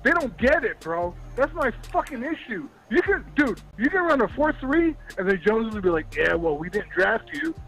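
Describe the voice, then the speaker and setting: A man's voice: very high-pitched, sing-song, moderate pace, few pauses, soft background music, poor audio. A man calling in to a sports show, ranting angrily, cursing constantly and repeating himself. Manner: yelling, profane, repeats himself. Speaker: caller. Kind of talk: angry call-in rant.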